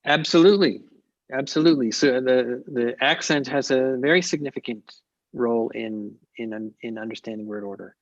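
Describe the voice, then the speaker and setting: A man answering audience questions in an academic webinar, speaking in a measured, hesitant way with many fillers and restarts, over a video call. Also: mid-range voice, no echo. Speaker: invited lecturer answering questions. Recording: muffled lo-fi webinar audio.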